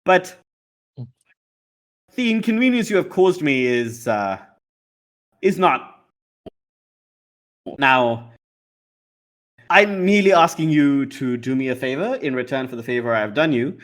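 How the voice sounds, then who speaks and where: A man voicing an imperious, smooth-talking male lawyer who speaks in a formal, measured and condescending way. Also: medium pitch, animated, natural voice.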